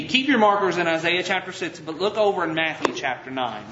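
A man preaching a sermon to his congregation, reading scripture aloud with emphatic, drawn-out phrases and putting direct questions to the listeners. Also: fairly high pitch, lively intonation, bright, forceful tone, roomy sound, lo-fi sound, a little hiss or hum. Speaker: pastor. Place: church sanctuary.

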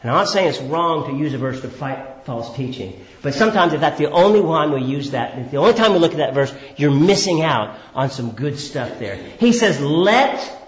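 Guy preaching a sermon, fairly high lively voice, asks the room questions then answers himself, echoey dull church recording. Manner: swings between raised emphatic phrases and low drawn-out words. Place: church hall.

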